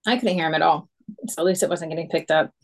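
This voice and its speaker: A woman's voice: deep voice, fast talker. A woman co-hosting a podcast in casual chat, giggling and fumbling her intro takes. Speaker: podcast co-host.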